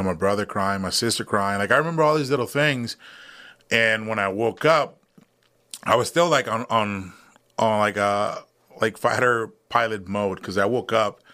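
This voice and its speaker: Low-voiced man telling his story casually. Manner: relaxed, matter-of-fact, many fillers. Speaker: podcast guest, wounded veteran.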